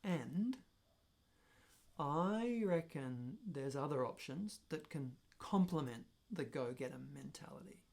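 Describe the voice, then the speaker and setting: A man's voice: on the high side, lively intonation, slow, creaky, a little mellow. A man talking reflectively on his own channel, thinking aloud and questioning himself as he goes. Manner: thoughtful, musing, self-questioning. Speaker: personal growth vlogger. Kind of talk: reflective solo talk to camera.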